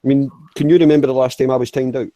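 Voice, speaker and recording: A man's voice: mid-range voice, flat delivery, racing, warm tone, no room sound, rough recording. A man chatting casually, rambling with stammered restarts and frequent swearing. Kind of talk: casual chat.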